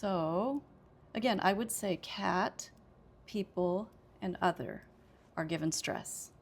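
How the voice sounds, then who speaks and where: A woman's voice: on the low side, takes it slowly, husky. An American woman teaching English pronunciation, explaining sentence stress step by step and repeating example sentences with careful emphasis.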